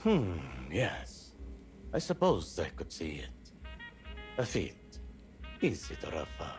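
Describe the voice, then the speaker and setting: A man's voice: wildly swooping pitch, slow pace, music in the background, heavily acted. A man voicing a paranoid, unhinged middle-aged male doctor in a video game, with an erratic put-on accent and a sneering manner. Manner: sneering, swinging between high shrill and deep growl.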